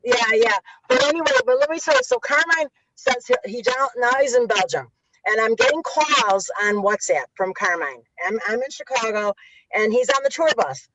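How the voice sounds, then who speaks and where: A woman's voice: a little high, very animated, normal speed, background noise. A woman guest author telling stories energetically in an interview, words tumbling out and running over the host. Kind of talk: animated interview storytelling.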